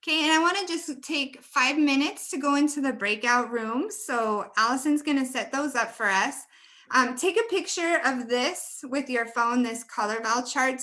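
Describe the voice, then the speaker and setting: A woman with a bright, high-ish voice runs a webinar on pronunciation over a computer mic. She stretches out words slowly and carefully so listeners can copy them. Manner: slow, careful modeling of words. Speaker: teacher trainer. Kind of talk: webinar teaching.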